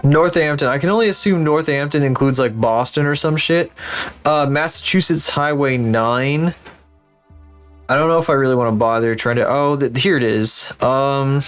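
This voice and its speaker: A man with a smooth, medium-pitched voice streams live while playing a geography guessing game. He thinks aloud and swears casually in his livestream commentary.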